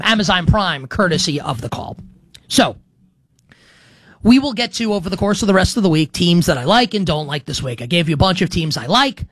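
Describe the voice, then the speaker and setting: A man's voice: high-pitched, lively intonation, fairly quick, a bit bright, no echo. A man in his thirties hosting a sports betting show, talking in a loose, rambling monologue full of restarts and asides. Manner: chatty and rambling, with frequent restarts and "like". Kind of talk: casual talk-show monologue.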